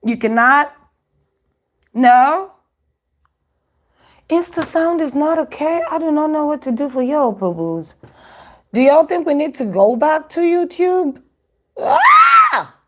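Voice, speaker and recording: Chatty, animated woman live-streaming from a phone. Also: high-pitched, measured pace, pauses often. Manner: chatty, animated, laughs often, talks to viewers. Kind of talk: casual live-stream chat. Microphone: phone microphone.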